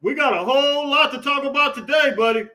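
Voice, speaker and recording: An American man hosting a casual sports podcast, loud and hyped, shouting greetings and laughing with viewers. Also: very high voice, fairly quick, poor audio. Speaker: podcast host.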